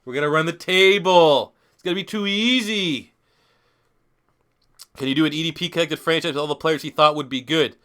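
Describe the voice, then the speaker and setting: A man's voice: a little high, moderate pace, sharp tone. A man in his twenties, a little tipsy from beer, giving rambling, profane, joking commentary while streaming a football video game. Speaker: gaming YouTuber streaming. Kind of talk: casual live-stream commentary.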